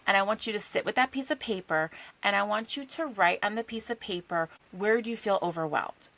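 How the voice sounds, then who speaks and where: A woman in her thirties or forties, a guest coach, telling stories in a casual podcast chat with quick asides and rhetorical questions. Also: medium pitch, a bit bright, rough recording. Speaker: guest, executive function coach.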